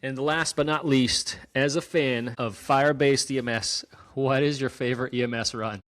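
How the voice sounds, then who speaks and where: A man's voice: mid-range voice, fairly even intonation, moderate pace, a bit bright. A man hosting a podcast interview, asking questions and reflecting in an encouraging way. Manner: reflective, encouraging, faith-minded remarks. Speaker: podcast host. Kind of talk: conversational interview.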